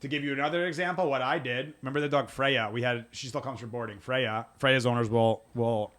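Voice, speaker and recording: A man hosting a casual dog-training talk, telling stories quickly with lively acted-out quotes and casual swearing. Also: medium pitch. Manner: fast, animated storytelling with acted-out quotes. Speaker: dog trainer and show host. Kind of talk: casual podcast chat.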